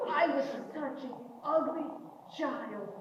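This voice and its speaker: A woman's voice: sits high, expressive, drawn-out words, dull audio, full character voice. A woman acting out a blustering middle-aged dad who rambles and blurts confessions while teaching his son to drive, in a live comedy monologue. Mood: rambling. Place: stage in a performance hall. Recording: echoey hall from far off, faint noise.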